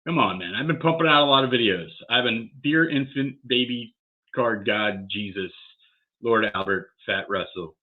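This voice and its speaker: A man's voice: medium pitch, moderate pace. Worked-up man on a tinny line. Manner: worked up, swearing, talking to himself. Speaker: card collector vlogger. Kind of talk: excited unboxing vlog. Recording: tinny phone-like sound.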